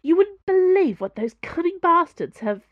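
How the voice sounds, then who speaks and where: A woman's voice: very high voice, big pitch swings, normal speed, no echo, narrow, tinny audio, pitched above the performer's own voice. A woman voicing an impatient, furious woman special agent who talks through gritted teeth. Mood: angry.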